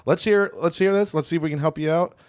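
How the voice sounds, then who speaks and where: A man's voice: fairly high pitch, fast talker, dry recording, clean studio sound. A man co-hosting a casual comedy podcast, joking and teasing with loose fillers. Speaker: podcast co-host.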